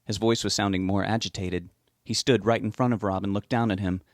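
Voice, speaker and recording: A man narrating an audiobook in a measured, steady reading voice. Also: lowish voice, no echo, studio quality.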